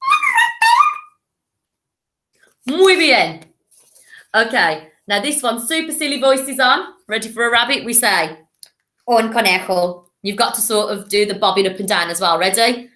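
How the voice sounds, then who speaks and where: Bright woman teacher, encouraging, slightly high voice, echoey room, recorded lesson. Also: animated, normal speed. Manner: encouraging, with playful animal voices. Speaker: primary school teacher.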